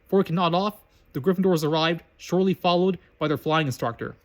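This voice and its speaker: Fast-reading man narrating a story. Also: on the high side. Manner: stumbling, self-correcting reading. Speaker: reader. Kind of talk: reading fan fiction aloud.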